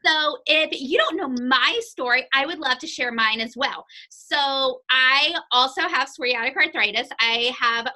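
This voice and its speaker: A woman in her thirties hosting a casual interview, lively and enthusiastic as she talks. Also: high voice, a little slow, hardly any pauses, low-quality recording. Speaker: host.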